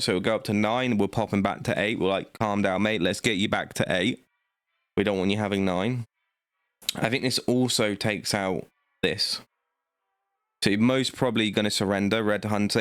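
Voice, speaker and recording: Cocky man, low voice. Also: fairly bright tone, dry recording. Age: late 20s. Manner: cocky, trash-talking the opponent. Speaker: card game streamer. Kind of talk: gameplay commentary.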